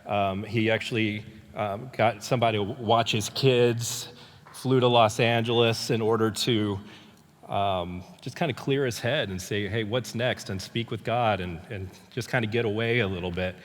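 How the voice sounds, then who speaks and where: A man's voice: on the low side, moderate pace. An older man preaching a sermon as pastor, telling stories conversationally with frequent restarts and fillers. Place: church sanctuary. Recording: long hall reverb.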